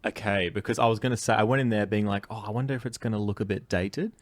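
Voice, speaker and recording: A man co-hosting a podcast, talking in a relaxed, rambling and playful way. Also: lowish voice, fast, no room sound. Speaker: podcast co-host. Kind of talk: casual chat.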